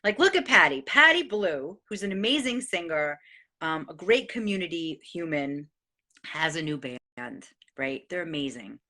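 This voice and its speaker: An excitable middle-aged woman talks straight to her viewers, her voice bright and forward. She swears freely as she hands out life advice, and she does not hold back. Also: sits low, normal speed. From New York. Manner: excitable, animated and profane. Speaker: host sharing life advice. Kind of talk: casual motivational monologue.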